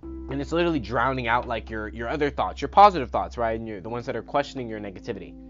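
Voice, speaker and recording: A fast-talking podcast host with a medium pitch delivers a casual motivational talk, speaking emphatically, swearing now and then, and ending his points with "right?" Guitar music plays behind the muffled, lo-fi recording.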